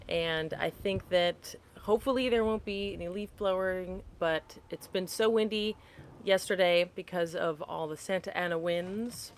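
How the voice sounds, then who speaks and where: A woman hosting a casual live chat on her phone, talking to viewers, laughing often and getting sidetracked. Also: mid-range voice. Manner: chatty, laughs often, apologetic and easily sidetracked. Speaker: livestream host. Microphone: phone held upright.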